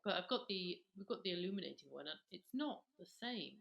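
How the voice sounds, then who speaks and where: A woman from Britain talks skincare with a friend, lively and full of small anecdotes. Her voice is slightly low for a woman and plainly conversational. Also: fairly quick, creaky, lo-fi sound. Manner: animated, conversational storyteller. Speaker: podcast co-host. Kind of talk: casual beauty chat.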